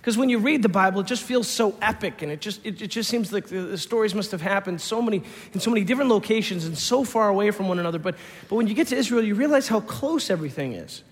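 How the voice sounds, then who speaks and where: A male pastor tells a story in a loose, conversational sermon style, often stopping and restarting his phrases. His voice sits noticeably high for a man. A long hall reverb hangs on his words. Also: expressive, fast talker, hardly any pauses.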